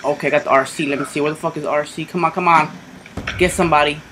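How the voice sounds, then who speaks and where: A man giving casual commentary over his own online shooter match, excitable and swearing constantly, yelping when something sudden happens. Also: fairly high pitch, fast talker, a little hiss or hum. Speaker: gamer doing live commentary.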